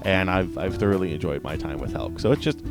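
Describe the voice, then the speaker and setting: A man's voice: low-pitched, fairly quick, loud music behind the voice. A man reviewing anime in a casual, rambling way, with lots of fillers, restarts and tag questions, laughing often when something amuses him. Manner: rambling, many restarts and fillers, frequent "right?".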